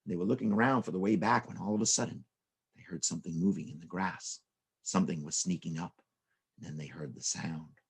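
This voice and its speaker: A storyteller man spinning a silly children's tale with lively, rhythmic repetition and playful sound effects. His voice is gravelly and husky, at a middle pitch for a man. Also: brisk.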